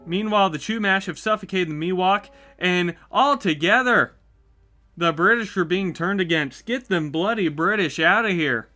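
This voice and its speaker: A man calls a simulated battle as it plays out, talking in a chatty, upbeat way. His voice is high and bright, with a sharp edge. Faint music runs quietly underneath. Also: moderate pace. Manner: upbeat, chatty, reacts with excitement. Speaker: YouTube host. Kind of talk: live commentary on a map simulation.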